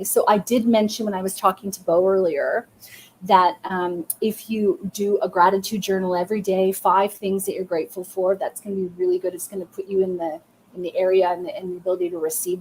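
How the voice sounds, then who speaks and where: A woman's voice: lowish voice, a little mellow, slight background noise. A woman medium doing live readings, speaking in a soothing, affirming way in short phrases and often saying okay. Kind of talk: live-stream reading, chatting to viewers.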